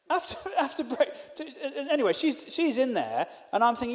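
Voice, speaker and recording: A male stand-up comedian telling a story in a self-deprecating way. His voice sits high and swoops all over the place. A long reverb trails behind him, as in a large venue. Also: sing-song, fairly quick, hardly any pauses. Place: live venue.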